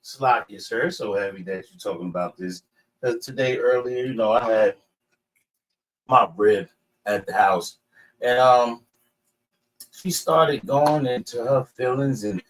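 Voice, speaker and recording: Animated man telling a story from afar. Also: medium pitch, unhurried, recorded from a distance, low-quality recording. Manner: animated, addresses the leader as sir. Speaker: participant. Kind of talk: casual storytelling.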